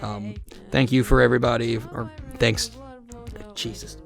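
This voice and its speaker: A man's voice: medium pitch, level tone, unhurried, vocal fry, soft background music. A man hosting a casual podcast who tells rambling, profane stories with many restarts. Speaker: podcast host.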